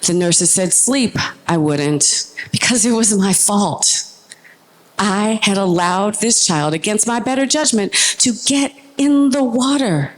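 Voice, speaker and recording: A middle-aged woman telling a personal story on stage into a handheld microphone, vivid and earnest, slowing into tense pauses. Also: medium pitch, lively intonation.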